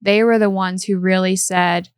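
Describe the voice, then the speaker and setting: A woman with an Appalachian accent co-hosts in a mid-pitched voice, recorded dry and close. She jumps in often with quick remarks and steady agreement. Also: clean tone, no room sound. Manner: quick interjections, agreeable backchannels. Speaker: podcast co-host. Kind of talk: casual podcast conversation.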